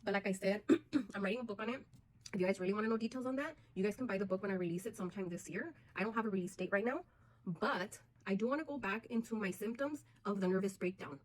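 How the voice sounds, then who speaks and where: Woman vlogger, personal storytelling to camera, earnest and direct with her audience, middle pitch. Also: quick pace, poor audio. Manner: earnest, addresses viewers as "you guys" often.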